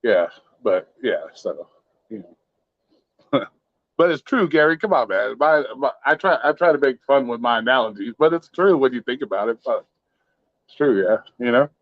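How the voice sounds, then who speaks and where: A man's voice: medium pitch, expressive, normal speed, dry recording. Guy hosting a stream, swears a lot, joking around, dry dull lo-fi sound. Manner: profane, joking, laid-back. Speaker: show host. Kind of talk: casual live-stream chat.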